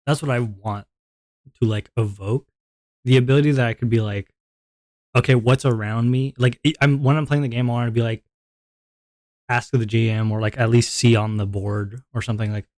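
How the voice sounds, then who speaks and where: A man streaming from home, thinking out loud in a rambling way with many fillers and restarts, and a little out of breath. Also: mid-range voice, steady tone, moderate pace, pauses often, no room sound, studio quality. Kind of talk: casual stream chat.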